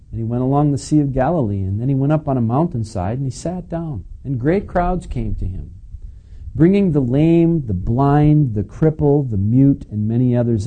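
A man's voice: medium pitch, warm tone, low-quality recording. A man preaching a conversational sermon, reading scripture and adding casual asides to his listeners. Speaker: pastor. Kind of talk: sermon teaching.

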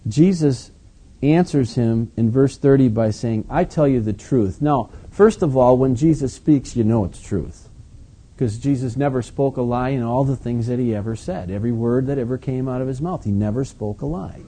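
A male pastor delivering an animated, emphatic sermon with conversational asides. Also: mid-range voice, normal speed, husky.

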